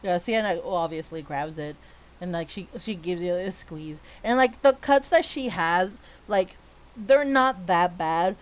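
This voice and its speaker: A woman's voice: lowish voice, measured pace. A woman narrating a tabletop game as game master, in a casual, filler-heavy way.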